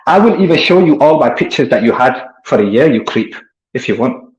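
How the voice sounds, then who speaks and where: A man's voice: mid-range voice, animated, a little fast. A man, delivering a combative, taunting monologue aimed at an online rival. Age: 20s. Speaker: online commentator. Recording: roomy echo.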